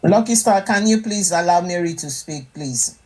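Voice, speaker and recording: A woman's voice: lowish voice, lively intonation, normal speed, darkish tone, low-quality recording. Woman, online audio chat moderator, emotional, pleading. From Nigeria. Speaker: co-host of an online audio space.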